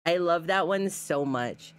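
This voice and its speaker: Low, unhurried woman streamer chatting. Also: lively intonation, a little hiss or hum. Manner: chatty, gushing, reads chat aloud. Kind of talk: casual live-stream chat.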